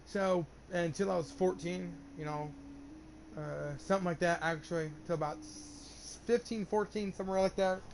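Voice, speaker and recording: A man's voice: sits high, fairly even intonation, normal speed, gravelly, background noise. A young man telling a long personal story in casual chat, rambling and swearing often, with lots of restarts. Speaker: gamer streamer.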